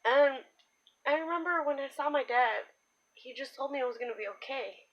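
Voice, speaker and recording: A young woman telling her own story in a candid, halting way, with many pauses and fillers. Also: high voice, lo-fi sound. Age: young adult. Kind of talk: personal storytime monologue.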